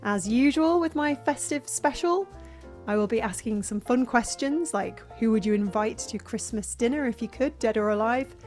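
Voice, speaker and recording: A woman's voice: on the high side, moderate pace, a little mellow, soft background music. A woman hosting a live online session, talking casually through her slides in a chatty, self-mocking way and laughing often. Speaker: host presenting a slideshow.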